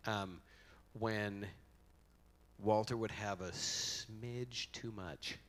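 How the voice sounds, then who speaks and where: A man's voice: on the low side, fairly even intonation, slow, a bit bright. A middle-aged man giving an informal eulogy in a convention hall on a handheld mic, rambling and joking as he tells stories. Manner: rambling, joking storytelling with acted quotes. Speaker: eulogy speaker. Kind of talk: informal memorial speech.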